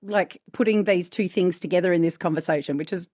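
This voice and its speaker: Deep-voiced Australian woman, casual chat. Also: fairly quick, no echo, studio quality. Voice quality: naturally deep, slightly husky voice. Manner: candid and animated, swears casually. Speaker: podcast co-host.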